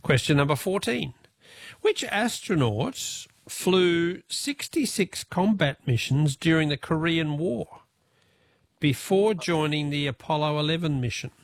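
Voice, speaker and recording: Man, Australian accent, radio quiz host, jovial, chatty, gravelly, dry studio sound. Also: a little high, animated, dry recording. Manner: jovial, chatty, quick laughs.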